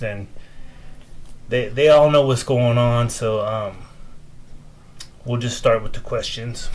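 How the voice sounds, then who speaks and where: A man in his forties hosting a casual podcast, talking loosely with plenty of swearing and turning quietly emotional at times. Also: medium pitch, a little hiss or hum. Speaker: podcast host.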